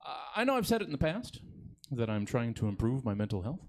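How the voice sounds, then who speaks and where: Animated laughing comedy host, man. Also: medium pitch, fast talker. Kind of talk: comedy show hosting.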